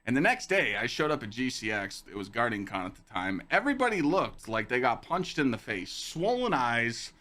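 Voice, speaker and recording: A young man hosting a casual podcast stream, telling stories to chat in a lively, swearing, animated way. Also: mid-range voice, normal speed, few pauses. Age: young adult. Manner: animated, swearing, acts out quoted lines in a raised voice. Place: home streaming room with dog on lap.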